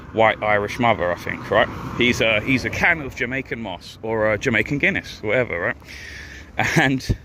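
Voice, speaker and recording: A man's voice: fairly low pitch, bright, forceful tone, slight background noise. A man, talking bluntly and argumentatively in a casual monologue, often tagging "right?" onto his points. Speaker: live streamer. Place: in a van.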